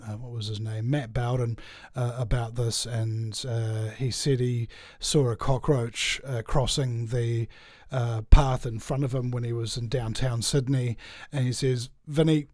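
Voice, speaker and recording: A man's voice: mid-range voice, darkish tone, no echo. Rambling New Zealand man, dry sound. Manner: digressive, anecdotal storytelling. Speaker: podcast guest. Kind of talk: casual interview chat.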